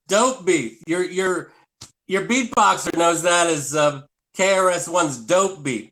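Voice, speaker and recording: A man's voice: high voice, normal speed, a bit bright. A man, a comedian guest, telling rambling self-deprecating stories in casual live-stream chat. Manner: rambling, self-deprecating storytelling with scat vocal bits.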